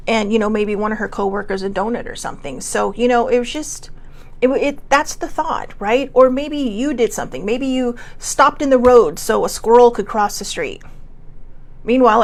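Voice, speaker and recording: A woman in her forties hosting a casual self-care talk show, chatty and rambling, laughing often and a bit congested. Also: on the high side. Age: 40s. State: coughing, sinus congestion. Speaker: host.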